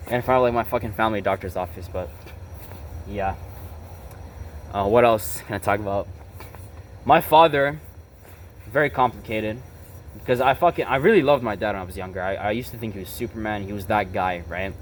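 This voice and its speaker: A young vlogger tells a confessional personal story, blunt, emotionally charged and casually profane, peppered with "bro" and "right?" His voice is lowish and brisk with long pauses, over a slight hiss or hum.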